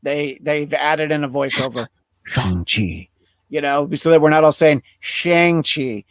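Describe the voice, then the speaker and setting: A man's voice: a little high, flat delivery, normal speed, clear, resonant tone, no room sound. A man hosting a podcast in casual chat, rambling and jokey, with lots of fillers and restarts. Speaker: podcast host. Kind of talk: casual chat, wrapping up a live show.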